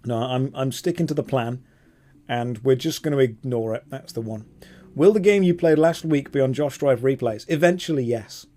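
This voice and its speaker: A man streaming a game, chatting casually with viewers in an animated, self-mocking way. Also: mid-range voice, moderate pace. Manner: animated, self-mocking, jumps between chat and gameplay. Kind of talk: casual live-stream chat while gaming.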